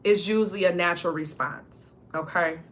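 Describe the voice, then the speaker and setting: Speaking at normal speed with a fairly low pitch, a woman channels ancestor messages in a relaxed reading for her viewers, and there's slight background noise. She's emphatic and talkative, addressing them directly and regularly asking "okay?".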